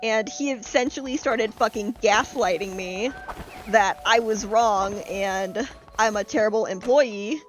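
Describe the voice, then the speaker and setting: A woman streaming a game, telling stories in a casual, animated way, acting out quotes and swearing freely. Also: mid-range voice, unhurried, a little hiss or hum. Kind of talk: casual gaming chat and storytelling.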